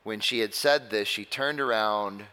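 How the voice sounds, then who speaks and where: A male pastor preaching a sermon in a conversational way, with dramatic pauses. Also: on the low side, sharp tone, clear, resonant tone, long reverb tail.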